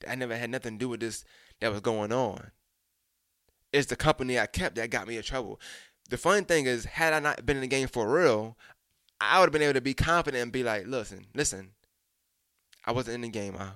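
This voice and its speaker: A man's voice: mid-range voice, fairly quick, a bit bright, clean tone, dry recording, studio quality. A young man telling a personal story in a frank, casual way, swearing freely and speaking straight to his listeners. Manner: frank, profane, addresses listeners directly.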